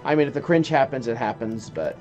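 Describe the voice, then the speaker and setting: A man's voice: medium pitch, brisk, darkish tone, soft background music. A man chatting casually on a livestream, rambling and joking and trying out silly impressions. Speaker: streamer.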